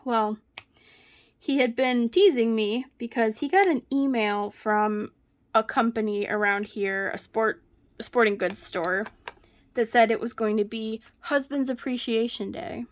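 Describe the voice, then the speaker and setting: A woman's voice: a little high, measured pace. A woman vlogger chatting casually while she crafts at home, telling a story with frequent laughs. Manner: chatty storyteller, laughs often mid-sentence.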